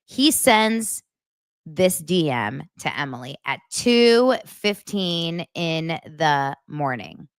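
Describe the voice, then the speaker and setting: A woman hosting a podcast, chatting casually about celebrity gossip and reacting in an animated, exclaiming way. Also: deep voice, slow, smooth, no room sound, clean studio sound. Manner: animated, exclaiming and reacting while reading posts aloud. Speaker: podcast host.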